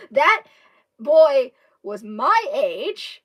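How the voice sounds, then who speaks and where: A woman's voice: sits high, sing-song. A woman from Kentucky with a Southern accent, chatting to her livestream viewers, laughing often as she rambles through a story. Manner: laughing often, rambling with restarts and drawn-out words. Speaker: livestream host. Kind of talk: casual storytelling chat to viewers.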